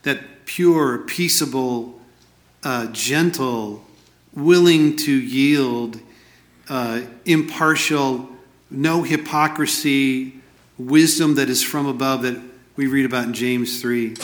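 A man's voice: medium pitch, slow, roomy sound. A man preaching a sermon, earnest and explanatory, reading scripture aloud between his own comments.

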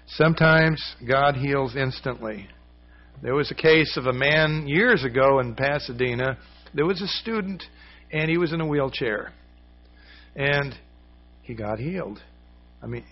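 A man's voice: medium pitch, a little slow. Male pastor, conversational sermon delivery, storyteller, slightly muffled recording. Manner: storytelling, acts out quoted voices, conversational. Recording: slightly dull lo-fi sound.

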